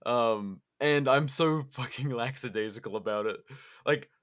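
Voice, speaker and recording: A young man co-hosting a podcast, spinning long loose stories with lots of swearing and laughter. His voice sits at a middling pitch and comes through clear and smooth. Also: measured pace, a bit bright. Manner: laughs often, swears freely, rambling storytelling. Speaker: podcast co-host. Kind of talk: casual chat.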